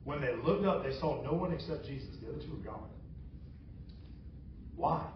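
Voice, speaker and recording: A man preaching a sermon as pastor, animated and humorous as he retells a story. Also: mid-range voice, normal speed, noisy background. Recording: roomy, distant, dull sound.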